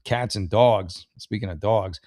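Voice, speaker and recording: A man's voice: fairly low pitch, a little slow, dark tone, no room sound, studio quality. A man casually reading and reacting to advice posts, rambling and sarcastic, swearing freely and restarting his sentences. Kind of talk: casual comedic commentary.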